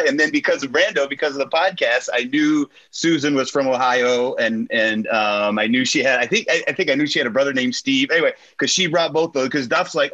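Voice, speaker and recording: A man's voice: mid-range voice, a little fast, hardly any pauses, bright, forceful tone. Rambling man telling a story, lo-fi. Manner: rambling storyteller, many fillers. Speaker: podcast guest. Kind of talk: casual chat.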